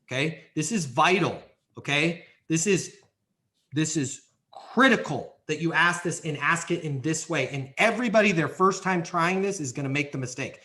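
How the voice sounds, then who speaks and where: A man giving energetic coaching talk on a podcast, emphatic and repetitive, often checking in with "right?" and "okay?". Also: fairly high pitch, moderate pace. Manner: emphatic, repeats key phrases, frequent "right?" and "okay?". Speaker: guest speaker on leasing and renewals. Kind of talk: energetic coaching talk with role-played examples.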